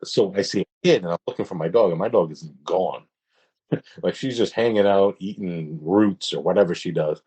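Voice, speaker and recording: A man with a deep, slightly husky voice talks as a podcast guest. He tells his story casually and stumbles, stops and restarts as he goes. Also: mellow. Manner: hesitant, halting, with many restarts.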